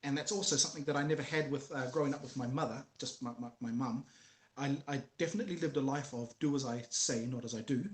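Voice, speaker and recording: A man in an echoey room, talking in an earnest, storytelling way about raising his kids. His voice sits at an ordinary middle pitch. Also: fast talker. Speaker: guest. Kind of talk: casual conversation about fatherhood.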